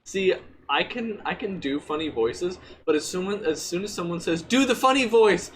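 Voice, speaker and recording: A man's voice: high-pitched, normal speed, a little hiss or hum, poor audio. A man streamer giving joking, wry commentary on his own gameplay. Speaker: gaming streamer.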